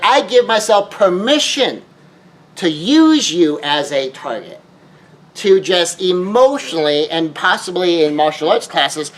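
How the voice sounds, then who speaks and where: Male grief speaker with a higher-than-usual voice. Lectures emphatically and leans on repetition. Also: poor audio. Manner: emphatic, repeats key phrases, asks rhetorical questions.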